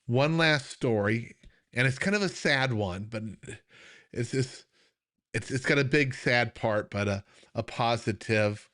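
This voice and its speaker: A middle-aged American health coach hosts a live Q&A stream, speaking earnestly and loosely with many fillers and restarts while struggling to hold back emotion. His medium-pitched voice is a bit bright and a little slow.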